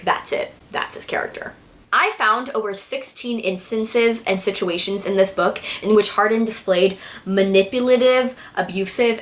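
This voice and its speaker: A woman's voice: medium pitch, fairly bright tone. A woman reviewing a book in a casual video rant, exasperated and sarcastic, swearing freely.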